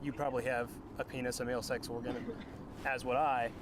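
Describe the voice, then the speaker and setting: A man's voice: mid-range voice, flat delivery, fairly quick, noisy background. Hesitant man in a street debate. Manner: hesitant, apologetic.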